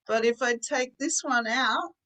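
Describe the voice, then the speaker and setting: A woman's voice: a little high, unhurried, sharp tone, rough recording. A woman teaching an online English class, patiently explaining words with simple examples.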